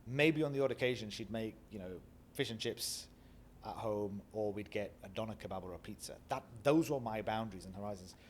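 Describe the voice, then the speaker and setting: A middle-aged Northern English man from Bradford tells life stories in an interview. His voice sits low, and he acts out the people he quotes. Faint background noise runs under the recording. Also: a little fast. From Bradford, England. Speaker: guest. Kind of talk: reflective storytelling interview.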